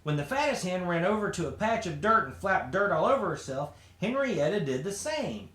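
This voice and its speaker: A man reads a children's story aloud with lots of expression. His voice sits high and swings widely from line to line. A roomy echo follows him. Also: a little fast. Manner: expressive, animated. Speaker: storybook reader.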